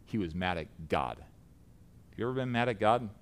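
A middle-aged man preaching a sermon, earnest and building to loud emphatic peaks. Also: fairly low pitch, expressive, normal speed, clean tone.

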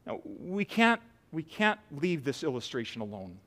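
A man preaching a sermon to a church congregation, swinging from loud pleading cries to quiet, earnest talk. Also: fairly high pitch, sing-song, moderate pace. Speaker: pastor. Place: church sanctuary.

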